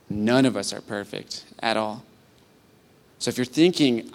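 A man preaching a sermon as pastor, earnest, climbing from quiet reflection to loud pleading peaks. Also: medium pitch, steady tone, moderate pace, creaky. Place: church sanctuary.

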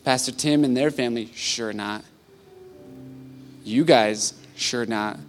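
A male pastor preaching in a church sanctuary, earnest and conversational. His voice rises to loud, pleading peaks and then falls back to quiet reflection. Soft music plays faintly beneath him. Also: medium pitch, slow. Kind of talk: sermon.

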